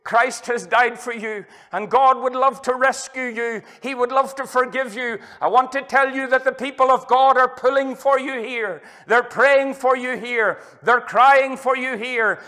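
A middle-aged Northern Irish preacher with an unusually high, bright and forceful voice. He delivers an impassioned evangelistic sermon in a church hall, rising loud and then dropping to a hush. He quotes scripture in old-fashioned phrasing. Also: steady tone, unhurried, few pauses. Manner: impassioned revival preaching, swinging from loud to hushed.

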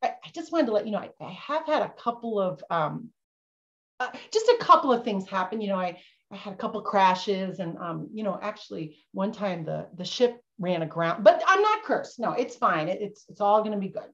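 A woman's voice: mid-range voice, lively intonation, normal speed, fairly bright tone, pitched below the performer's own voice. A woman playing a bumbling, jittery male schooner captain who insists he isn't cursed, in a storytelling role-play for kids over a video call. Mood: fumbling. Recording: dull lo-fi video-call audio.

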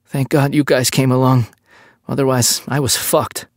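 A man's voice: mid-range voice, little pitch movement, normal speed, dry recording, pitched above the performer's own voice, natural voice. A man voicing a battered, scheming American man who pleads in a strained, raised voice, recorded close and dry. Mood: desperate.

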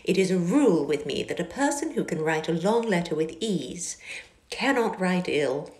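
A woman reading a novel aloud and voicing a proud, reserved young gentleman, speaking low, quietly and curtly. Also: big pitch swings, moderate pace. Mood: cool. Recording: echoey car interior.

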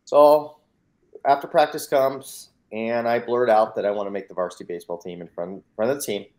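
A man's voice: on the low side, fairly even intonation, a little fast, darkish tone. Man, American, mindset coach, interview guest, emphatic storytelling, acts out dialogue, repeats words. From United States. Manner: repeats words when starting.

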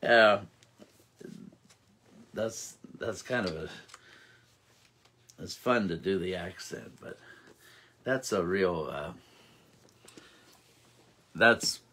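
Slow husky male storyteller. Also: deep voice, a bit bright. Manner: dramatic storyteller, rambling asides. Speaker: minister. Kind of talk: storytelling and preaching.

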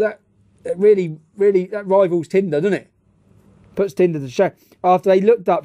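A man's voice: a little high, dark tone. A man giving casual news commentary and anecdotes in a brash, profane manner with laughing asides.

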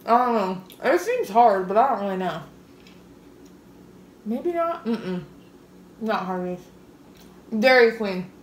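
A woman's voice: mid-range voice, very animated, slow, long pauses, echoey room, a little hiss or hum. A woman guessing burgers blindfolded in casual chat, giggly and hesitant as she thinks aloud. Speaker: blindfolded taste tester.

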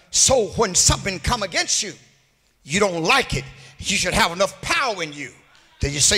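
A pastor preaching a sermon, rising into sung and shouted peaks, recorded in a church sanctuary. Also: male voice, sits high, very animated, moderate pace, slightly rough. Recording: hall reverb from a church livestream.

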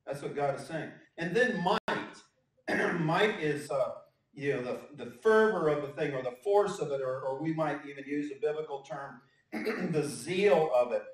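A man's voice: fairly high pitch, expressive, measured pace. A male pastor giving a conversational sermon with joking asides and frequent fillers. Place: church sanctuary. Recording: echoey church hall, mic at a distance.

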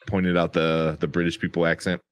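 A man's voice: deep voice, level tone, fairly quick, clean tone, no room sound, clean studio sound. Rambling, laughing man in casual chat. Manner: rambling, swears freely, laughs often, many fillers. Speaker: podcast co-host reviewing a movie.

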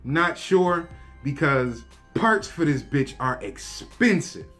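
Male vlogger, slightly high voice, relaxed slangy show-and-tell delivery. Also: slow, faint music behind. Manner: laid-back, slangy, talks to viewers directly. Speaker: gun review vlogger. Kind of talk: casual show-and-tell review.

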